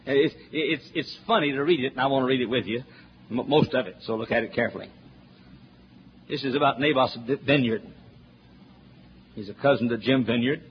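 A man's voice: medium pitch, brisk, pauses often. A man preaching a sermon through a Bible chapter, folksy and joking, building to emphatic points, on a dull lo-fi recording with faint noise.

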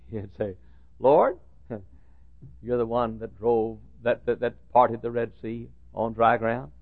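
An older man preaches with a gravelly, creaky voice. He tells folksy stories, rising to loud preaching and dropping to hushed asides. The sound is thin and tinny, like a phone line. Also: medium pitch, fairly even intonation, takes it slowly, dry recording. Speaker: pastor. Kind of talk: sermon with storytelling.

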